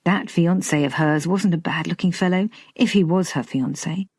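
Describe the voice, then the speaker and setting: A woman narrating a romantic comedy audiobook in a measured, lightly expressive way. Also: lowish voice, husky, no echo, clean studio sound. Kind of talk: scripted narration.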